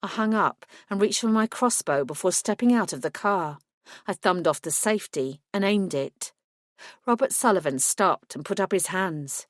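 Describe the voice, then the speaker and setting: A woman's voice: mid-range voice, expressive, normal speed, no echo, studio quality. A woman reading a first-person audiobook in a scripted narration style, voicing each character with small shifts.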